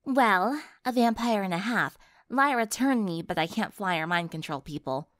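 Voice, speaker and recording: A woman's voice: mid-range voice, lively intonation, normal speed, fairly bright tone, dry recording, clean studio sound, lightly acted. A woman voicing a smug half-vampire young woman.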